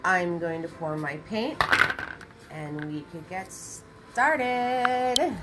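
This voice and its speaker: A woman's voice: lowish voice, expressive, extremely slow, heavy background noise. A woman hosting a livestream painting class, chatting with viewers and greeting them by name. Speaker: paint party instructor.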